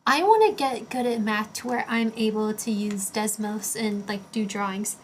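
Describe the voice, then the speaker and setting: A woman's voice: mid-range voice, moderate pace, slight background noise. A young woman livestreaming casually, rambling and chatty with lots of filler words while she builds a Lego set and answers chat. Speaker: streamer.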